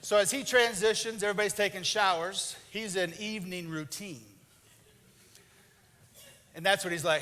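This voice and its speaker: Animated pastor preaching in a bright voice. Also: male voice, moderate pace, long pauses. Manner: animated, acts out husband and wife in lowered voices. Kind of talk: sermon with acted-out marriage stories.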